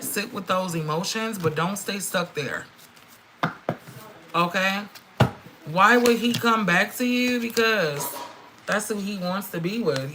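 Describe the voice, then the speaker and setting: A middle-aged woman giving a frank, swearing, animated live-stream tarot reading, calling her viewers girl and friend. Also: lowish voice, slight background noise, poor audio. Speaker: tarot reader.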